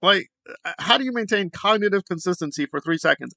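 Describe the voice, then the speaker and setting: A man's voice: sits high, animated, fairly quick, creaky, bright, forceful tone, dry recording. A man hosting a commentary video, ranting in a sarcastic, exasperated way. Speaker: commentary channel host.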